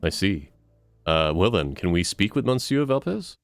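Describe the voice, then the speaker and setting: A man voicing a polite, measured male bird defense attorney. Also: low voice, big pitch swings, faint music behind.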